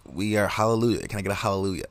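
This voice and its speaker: A man's voice: lowish voice, very fast, no room sound. A man hosting a podcast, delivering a rambling, sarcastic, profane comedic monologue into a close mic. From United States. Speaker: podcast host.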